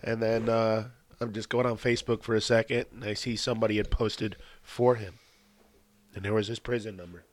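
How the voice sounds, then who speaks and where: A man hosting a podcast interview, relaxed, affirming his guest and laughing easily. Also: lowish voice, brisk. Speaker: podcast host. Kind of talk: casual interview.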